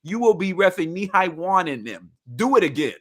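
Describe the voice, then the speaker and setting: A man voicing a gruff older male basketball commissioner threatening a referee, menacing and profane. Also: high voice, big pitch swings, a little fast.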